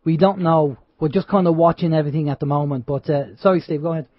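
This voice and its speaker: A man's voice: a little high, fairly even intonation, fast, no echo. A man hosting a talk radio show, earnest and opinionated in casual chat. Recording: dull dry radio sound.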